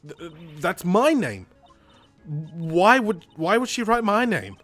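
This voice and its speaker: A man's voice: sits high, sing-song, slow pace, fairly bright tone, soft background music, voice pushed up, full character voice. A man voicing a nervous, emotional young woman in a video game, in a raised, flustered voice. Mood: distraught. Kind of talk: reading game dialogue aloud.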